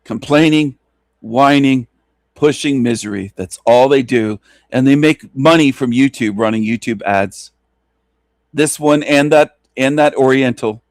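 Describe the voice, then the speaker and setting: A man's voice: mid-range voice, a little slow, no room sound. Contemptuous ranting man, dry sound. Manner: bitter, contemptuous, profane. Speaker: channel host. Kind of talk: angry ranting monologue.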